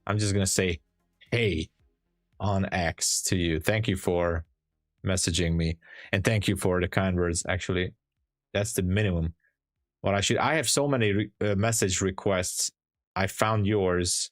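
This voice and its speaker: A man from Hungary with a Hungarian accent, chatting with viewers and calmly explaining charts as a day trading streamer. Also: sits low, a little slow, no echo, clean studio sound. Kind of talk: live-stream chat and trade commentary.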